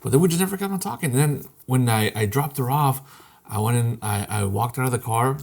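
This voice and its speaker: A man's voice: medium pitch, brisk, creaky, darkish tone. A young man co-hosting a podcast, telling a laid-back story in casual chat and swearing freely. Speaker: podcast co-host.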